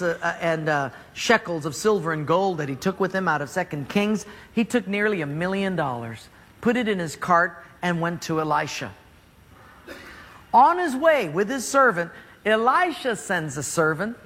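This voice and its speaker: A man preaching a storytelling sermon, animated and joking as he acts out scenes. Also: high-pitched. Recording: long hall reverb.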